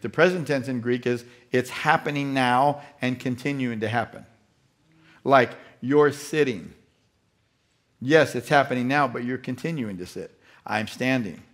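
A man's voice: medium pitch, a bit bright. Emphatic man preaching a sermon. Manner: emphatic, repeats key phrases, asks the congregation questions. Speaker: pastor.

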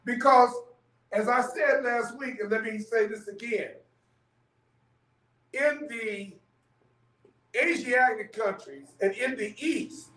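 A man leads a church Bible study in a loose, conversational way, stopping often to ask "okay?" His voice sits high. He is heard from a distance, and the room echoes around him. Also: a bit bright. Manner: conversational teaching, frequent "okay?" checks. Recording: echoey room, mic far off.

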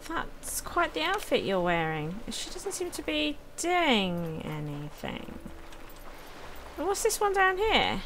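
A woman's voice: high-pitched, wildly swooping pitch, slow, a bit bright, slight background noise. A woman hosting a let's play, chatting casually and thinking aloud as she plays, with frequent exclamations. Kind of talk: casual game commentary.

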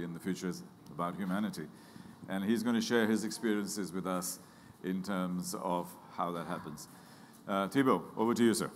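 A man moderating a forum, introducing the next speaker in a conversational way with fillers. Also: fairly low pitch. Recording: long hall reverb, faint room noise.

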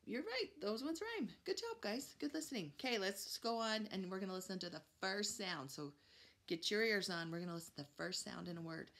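A woman's voice: on the low side, gravelly, fairly bright tone. A woman teaching preschoolers a phonics lesson, upbeat and encouraging, stretching out letter sounds. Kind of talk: phonics lesson for young children.

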